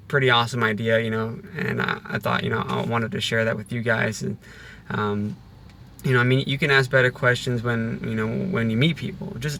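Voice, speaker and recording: A man rambles through a relaxed vlog from his car, restarting his sentences and leaning on filler words. His voice has a bright, forward edge, and his pitch sits in a middle range. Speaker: vlogger. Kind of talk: casual vlog talk. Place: car on a rainy day.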